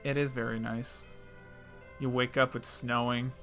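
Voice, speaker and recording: A young man co-hosting a podcast, making edgy jokes with sarcastic, deadpan asides in casual chat. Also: medium pitch, measured pace, faint music behind. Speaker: podcast co-host.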